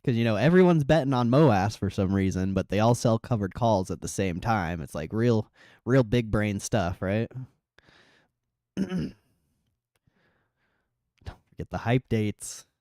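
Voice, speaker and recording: A man's voice: fairly low pitch, expressive, unhurried, pauses often, mellow, no echo, studio quality. A man hosting a casual livestream, reading viewer comments in a laid-back, swearing, joking way. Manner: laid-back, swears a lot, laughs often. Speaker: livestream host.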